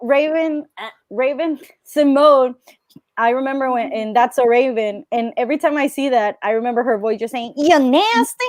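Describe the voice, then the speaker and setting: A woman's voice: on the high side, a little mellow, no room sound, clean studio sound. A woman guesting on a live stream, chatting casually and teasing with lots of giggles. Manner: giggly, teasing, quick bursts. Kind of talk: casual chat.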